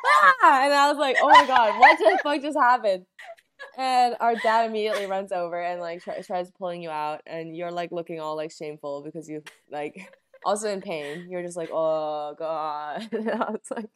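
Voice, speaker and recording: A woman's voice: on the low side, brisk, slight background noise. A young woman co-hosting a podcast, retelling a family memory in casual chat, acting out quotes and laughing. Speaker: podcast co-host.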